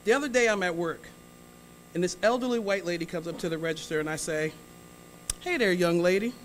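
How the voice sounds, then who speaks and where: Her fairly low voice stays steady and moves at a quick pace, with a bit of background noise. As a guest speaker in a large hall, she tells a comic story, chatting with the audience, teasing and prompting them, and acting out the dialogue.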